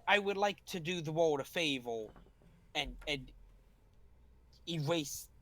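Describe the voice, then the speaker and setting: A man playing a tabletop game in casual chat, making sarcastic, quick asides. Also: a little high, animated, bright, forceful tone. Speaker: player.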